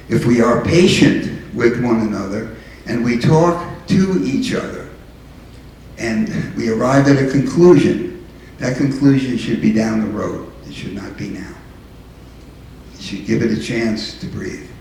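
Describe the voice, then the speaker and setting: A man's voice: mid-range voice, a little mellow, distant mic, slight background noise. Earnest older man speaking in an echoey hall. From New York City. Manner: earnest, emphatic, repeats and restarts phrases. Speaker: town mayor. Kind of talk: public speech to a local group.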